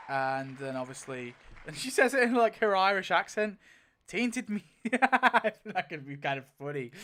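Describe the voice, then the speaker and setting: A man's voice: on the high side, a bit bright, clear, resonant tone. A young man giving casual commentary as he spins a wheel to pick story outcomes, rambling with lots of filler and frequent swearing. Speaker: video creator.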